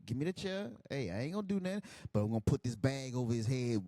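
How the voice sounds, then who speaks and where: A man hosting a casual wrestling reaction video, excitable and profane, with quick outbursts. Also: medium pitch, no echo, studio quality.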